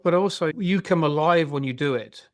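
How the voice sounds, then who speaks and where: A man's voice: on the high side, normal speed. A man hosting a podcast interview, speaking reflectively and asking long questions. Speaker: podcast host. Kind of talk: interview chat.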